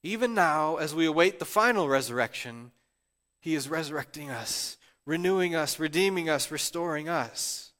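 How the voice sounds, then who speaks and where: Tearful pastor preaching in a reverberant hall. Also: male voice, fairly high pitch, animated, moderate pace, fairly bright tone. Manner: personal, emotional preaching with frequent restarts. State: tearful, near crying. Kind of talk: sermon.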